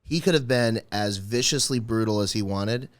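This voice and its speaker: A man's voice: lowish voice, moderate pace. A man who is a stand-up comedian, a guest on a podcast, talking loosely and profanely with lots of filler words. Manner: loose and profane, heavy use of "like". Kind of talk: casual podcast chat.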